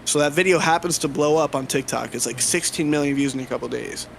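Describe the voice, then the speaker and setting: Man, slightly high voice, animated casual storyteller, light hiss behind. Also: quick pace, vocal fry. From New Jersey. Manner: animated, swears freely, laughs often. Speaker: guest guitarist.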